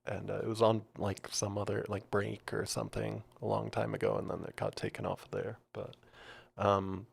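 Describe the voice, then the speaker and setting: A man's voice: on the low side, completely flat delivery, moderate pace, gravelly, slightly rough. A man co-hosting a podcast, telling rambling anecdotes in casual chat. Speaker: podcast co-host.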